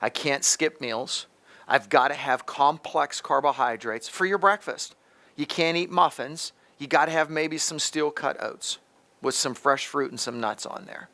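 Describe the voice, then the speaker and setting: A man's voice: on the high side, steady tone, measured pace, sharp tone. A middle-aged man hosting a health advice talk, speaking emphatically and straight to the listener, often restarting his sentences. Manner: emphatic, repetitive restarts, talks directly to the listener. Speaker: host, pharmacist.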